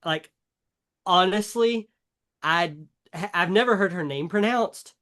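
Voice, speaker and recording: A man's voice: high voice, slow pace, a bit bright. A man with a Southern US accent, co-hosting a podcast in a chatty, rambling way with many fillers. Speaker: podcast co-host. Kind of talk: casual chat.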